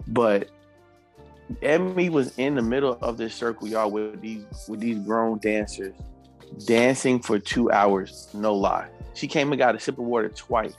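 A man telling a story in casual podcast chat, animated and laughing, acting out the people he quotes and swearing freely. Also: lowish voice, measured pace, soft background music.

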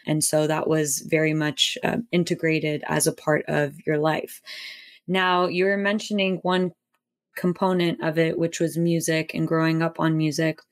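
A woman's voice: low-pitched, level tone, normal speed. A woman hosting an interview, asking thoughtful, probing questions. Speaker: podcast host. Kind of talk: conversational interview.

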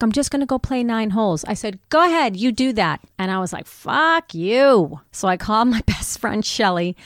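A middle-aged woman telling a personal story in a conversation, candid and animated, acting out what people said. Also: medium pitch, no room sound, studio quality. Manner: candid, animated retelling with voiced quotes. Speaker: guest.

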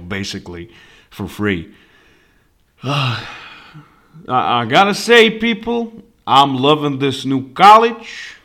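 A young man hosting a podcast, telling a rambling story full of swearing in a casual monologue. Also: fairly low pitch. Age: young adult. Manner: profane, rambling and animated. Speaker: podcast host.

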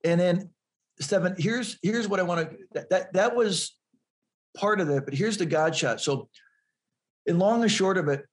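A man's voice: high voice, normal speed. A man in an interview telling a personal story earnestly, often repeating words as he builds toward the point. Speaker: guest.

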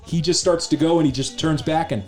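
A middle-aged man co-hosting a podcast, telling a story in a lively, casual way and cursing freely. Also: on the high side, a little fast, faint music behind. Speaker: podcast co-host.

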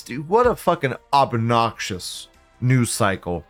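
A man's voice: medium pitch, expressive, normal speed, faint music behind. A man hosting a live show, reading viewer comments aloud and reacting in a blunt, profane, ranting way. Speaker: livestream host.

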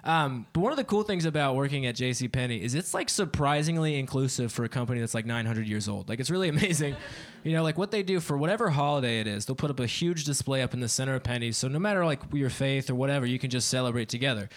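A man's voice: medium pitch, lively intonation, fast talker, few pauses. A man in his twenties doing a stand-up set on a club stage, often laughing at his own jokes. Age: 20s. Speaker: stand-up comedian.

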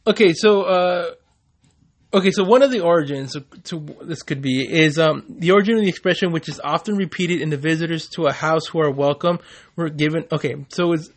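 Man, casual podcast chat, constant swearing, stumbling delivery, slightly high pitch. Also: a little fast. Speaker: podcast co-host. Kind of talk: casual chat explaining word origins.

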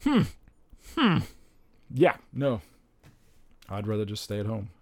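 Excitable young man with a gravelly voice. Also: lowish voice, slow pace, no room sound. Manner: excitable, rambling, with frequent exclamations. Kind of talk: casual chat about upcoming movies.

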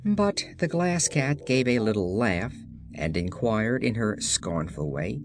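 A storybook narrator reading slowly and expressively, the pitch rising and falling a great deal. Soft music sits faintly under the reading. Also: big pitch swings. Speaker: audiobook reader.

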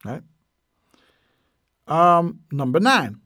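A man's voice: a little high, very animated, normal speed, no echo, studio quality. A man hosting a podcast, teaching useful phrases casually, repeating each one and using plenty of fillers. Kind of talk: casual language lesson.

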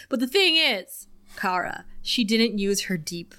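A woman's voice: mid-range voice, measured pace. A young woman co-hosting a podcast, recapping an episode in casual chat and laughing often. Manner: animated, laughs often, reads quotes in lively voices. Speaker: podcast co-host.

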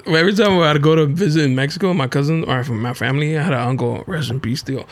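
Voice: mid-range voice, rapid-fire. A podcast host in casual chat, joking and dropping in Spanish phrases.

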